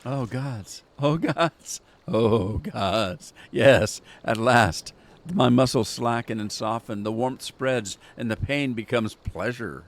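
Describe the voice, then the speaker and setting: A man voicing a pompous, eccentric gentleman detective, reading game dialogue aloud in a grandiose, flowery manner. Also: mid-range voice, slow pace. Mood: theatrical.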